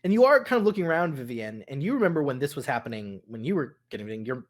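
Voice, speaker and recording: Gm guy narrating the game, lots of ums then quick rushes, middle pitch voice. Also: sing-song. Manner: halting, full of ums, with quick bursts. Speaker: game master. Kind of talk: narrating a tabletop role-playing game.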